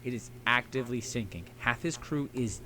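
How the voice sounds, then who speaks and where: A man's voice: medium pitch, normal speed, slight background noise. A man co-hosting a casual history podcast, rambling and swearing as he tells the story. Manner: rambling, profane, puts on silly shouting voices for historical figures. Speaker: podcast co-host.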